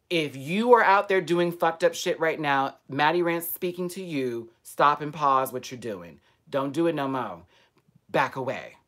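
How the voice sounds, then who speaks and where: A man vlogging live to his viewers, telling a personal story in an outspoken way with lots of swearing. He talks straight to the audience, swinging from loud emphasis to quiet asides. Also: fairly high pitch. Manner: frequent profanity and direct address to viewers. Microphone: webcam or computer mic on a live stream.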